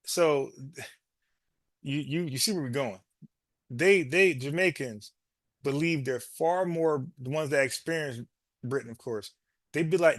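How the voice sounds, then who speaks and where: A man's voice: a little high, no echo, clean studio sound. A man hosting a reaction video, talking bluntly back at a news clip in casual commentary.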